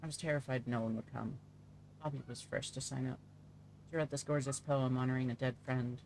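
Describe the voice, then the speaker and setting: A man streaming a game, reading its dialogue aloud in a plain, steady voice. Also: medium pitch, fairly quick, vocal fry, a little hiss or hum, low-quality recording.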